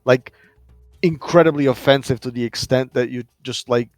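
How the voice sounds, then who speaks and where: Measured, explaining podcast man, dry sound. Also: medium pitch, fairly even intonation, no echo, faint music behind. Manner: measured, explaining, many fillers. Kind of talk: casual gaming podcast chat.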